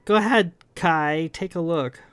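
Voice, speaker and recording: Cheerful, bragging young woman crew member, bright and raised pitch, as a man puts her on, dry sound. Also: measured pace, smooth, no echo, close to an everyday voice. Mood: gleeful. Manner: happy and boastful.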